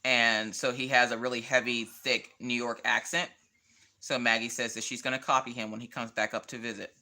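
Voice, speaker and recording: A middle-aged woman with a Southern accent, chatting casually on a craft livestream, sassy and quick to laugh. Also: very deep voice, little pitch movement, bright, forceful tone. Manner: chatty, sassy, laughs often, jokey asides. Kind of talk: casual chat while coloring.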